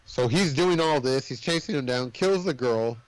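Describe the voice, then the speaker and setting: A man co-hosting a podcast, casually recapping a film plot in an animated, swearing storytelling manner. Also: mid-range voice, normal speed, dry recording, rough recording. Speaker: podcast co-host. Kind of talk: casual movie recap chat.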